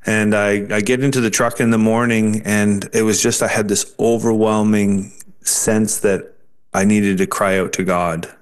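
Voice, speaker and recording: A man telling his personal testimony as an interview guest, earnest and halting, often restarting his sentences. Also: on the low side, level tone, clear, resonant tone.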